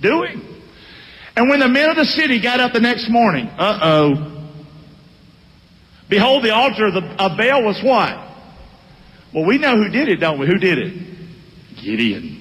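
In an echoey church hall, a male pastor with a high-pitched voice preaches a sermon, calling out animatedly to his congregation. He speaks unhurriedly, with long pauses.

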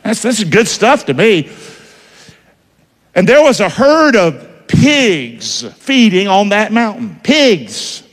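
A male pastor with a drawl, preaching in an animated, rising-and-falling voice that sits a little high for a man. He talks to the congregation conversationally and keeps firing questions at them. The sound carries a long church-hall reverb. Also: slow. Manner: lively, conversational preaching with call-and-response questions. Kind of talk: sermon.

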